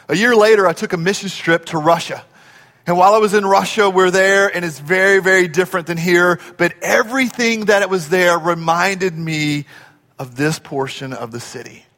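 A middle-aged man preaching a sermon as pastor, emphatic and animated, acting out quotes and rising to shouts. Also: high-pitched. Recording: long hall reverb.

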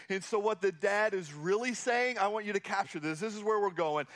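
High-voiced man preaching a sermon. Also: a little fast, few pauses, a bit bright. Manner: earnest preaching, repeats key phrases for emphasis. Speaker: pastor.

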